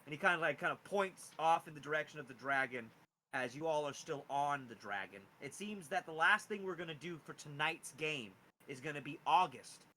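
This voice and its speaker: Animated male game master. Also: moderate pace, slight background noise, rough recording. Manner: animated, pitch jumping on key words. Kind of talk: narrating a tabletop game.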